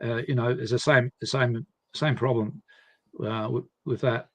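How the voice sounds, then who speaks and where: A man speaking as a guest at a live seminar, explaining in halting phrases with frequent restarts. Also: mid-range voice, steady tone, fairly bright tone, no room sound. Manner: halting, many restarts and repeated words.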